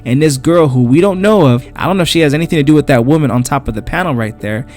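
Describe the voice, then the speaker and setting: A man's voice: a little high, quick pace, a little mellow, faint music behind. A man casually recapping a comic story in a chatty, slangy way.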